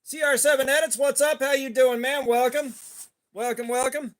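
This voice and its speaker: A man's voice: very high-pitched, steady tone, moderate pace. A man hosting a casual live stream, greeting viewers by name and rambling chattily between topics. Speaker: livestream host.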